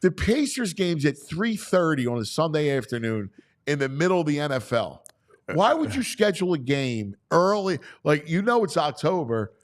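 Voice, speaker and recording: Middle-aged guy hosting a sports show, really expressive, lots of restarts. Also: a little high, moderate pace. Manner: animated, opinionated, stammers and restarts. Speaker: sports talk show host. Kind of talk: casual sports chat.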